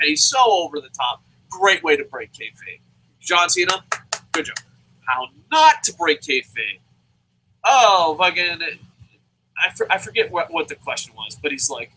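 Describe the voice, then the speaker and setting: Bright-voiced man ranting with profanity. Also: high-pitched, normal speed, husky, low-quality recording. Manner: profane, animated, mocking impressions of others. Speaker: wrestling show reviewer. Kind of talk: casual opinionated rant.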